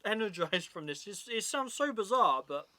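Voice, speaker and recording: Bright, lively man co-host. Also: sits high, moderate pace, dry recording. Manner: enthusiastic, hesitant phrasing with many "like"s. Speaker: product reviewer, co-host. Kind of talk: casual review chat.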